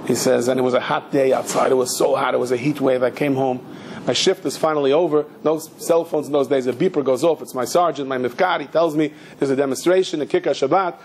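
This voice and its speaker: A man delivers a sermon as a string of stories. His voice sits a touch high with a husky grain. He acts out the people in his tales and breaks into shouts when the scenes turn heated. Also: quick pace. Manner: animated storyteller acting out voices, shouting in quotes. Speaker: rabbi giving a talk. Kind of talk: storytelling sermon.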